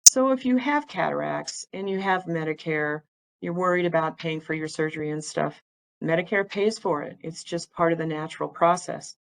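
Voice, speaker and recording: A woman's voice: low-pitched, normal speed, creaky, poor audio. A woman, giving a plain-spoken, chatty educational talk about eye care as an ophthalmic imager. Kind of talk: informal educational presentation with slides.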